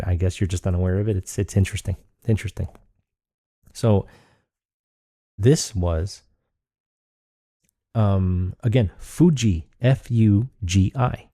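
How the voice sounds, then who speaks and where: A man's voice: on the low side, warm tone, no room sound, clean studio sound. A man hosting a solo podcast, rambling and thinking aloud with frequent restarts. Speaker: podcast host.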